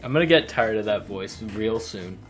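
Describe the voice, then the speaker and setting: A man's voice: fairly low pitch, expressive, normal speed, soft background music. A man co-hosting a comedy podcast, laid-back and wry in casual chat. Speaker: podcast co-host.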